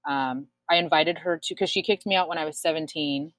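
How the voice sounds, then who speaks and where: A woman's voice: deep voice, a little fast, a bit bright, dry recording. A woman in her twenties, telling her own story frankly in a casual chat, swearing often and using many fillers. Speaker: guest sharing her story.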